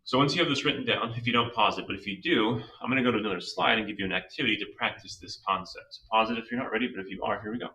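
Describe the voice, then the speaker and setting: Male teacher, very low and sharp-edged voice, patient step-by-step explainer, recorded a little off-mic. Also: racing, hardly any pauses, distant mic, rough recording. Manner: patient, walks through reasoning step by step. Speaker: Spanish teacher. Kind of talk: slow explanatory lesson.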